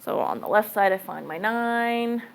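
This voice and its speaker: A woman's voice: medium pitch, expressive, unhurried, creaky, clear, resonant tone, rough recording. A woman math teacher giving a casual classroom lecture, thinking aloud and checking in with students. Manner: casual, chatty, thinks aloud, says okay often.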